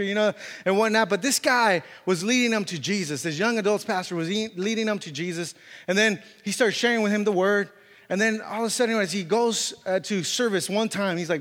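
Animated male preacher in a reverberant hall. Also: high voice, brisk. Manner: animated storytelling with many fillers and restarts. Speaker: pastor. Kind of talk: sermon.

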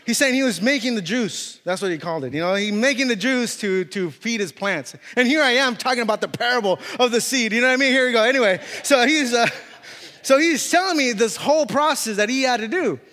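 A man preaches to his congregation, telling a story with lots of fillers and restarts. His voice sits fairly high for a man. The sound rings with a long reverb, as in a church hall. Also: expressive, a little fast, pushed and bright. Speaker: pastor. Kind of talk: sermon.

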